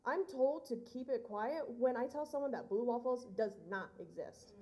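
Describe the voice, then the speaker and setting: A woman's voice: on the high side, animated, moderate pace, a little mellow. An eighteen-year-old woman performing spoken word poetry on stage, earnest and rising to firm emphasis. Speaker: slam poet. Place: live poetry event on stage.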